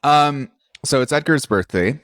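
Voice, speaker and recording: Easygoing man in his thirties, lively pitch. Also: a little slow, no room sound, studio quality. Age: 30s. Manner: easygoing, laughs often, joking. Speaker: podcast producer. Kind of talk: casual chat.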